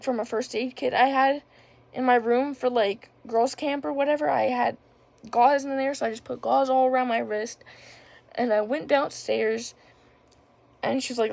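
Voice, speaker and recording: A young woman talks through a personal story in a loose, rambling way, full of filler words. Her voice sits a little high and often drops into a gravelly fry. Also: a little mellow. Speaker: vlogger.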